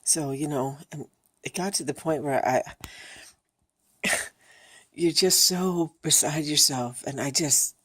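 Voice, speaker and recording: Woman vlogger, very deep husky voice, exhausted, candid, swears freely. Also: slow, pauses often, fairly bright tone. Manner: emotional, blunt, swears freely. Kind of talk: candid personal vlog.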